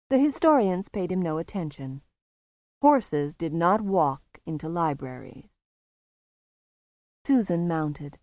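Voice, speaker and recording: A woman reads a fantasy audiobook in a calm, measured voice. Her voice sits slightly low and moves slowly. The sound is dry and close. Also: no room sound. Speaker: narrator. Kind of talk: audiobook narration.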